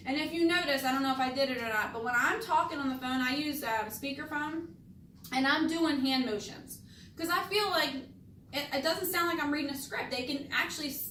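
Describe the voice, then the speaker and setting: A high-voiced woman coaching salespeople, rolling through phone scripts and leaning hard on the words she wants heard. She sounds a little distant from the mic, in an echoey room. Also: moderate pace, fairly bright tone, slight background noise. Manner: emphatic, stresses key words on purpose. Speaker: insurance sales trainer. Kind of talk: training talk with demonstrated phone scripts.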